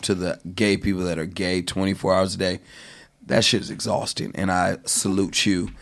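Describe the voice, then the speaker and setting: A man's voice: low voice, little pitch movement, normal speed, creaky, fairly bright tone. A man trading bawdy jokes in a casual comedy chat. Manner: joking, bawdy banter. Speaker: comedian podcast guest.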